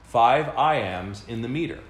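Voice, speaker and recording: A male podcast co-host with a medium-pitched, expressive voice talks at a measured pace, explaining at length in a loose style with many fillers and restarts. The echoey room carries some faint background noise.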